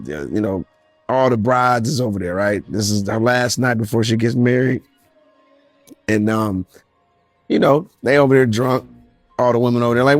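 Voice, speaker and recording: A man's voice: mid-range voice, no echo. A man telling a casual anecdote in a laid-back way, laughing now and then.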